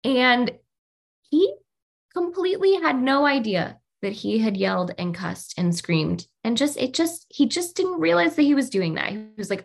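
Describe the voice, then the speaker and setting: A woman's voice: on the high side, normal speed, creaky. A woman hosting a casual workplace podcast, telling stories and acting out what people said. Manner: animated storyteller, acts out quotes. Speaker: podcast host.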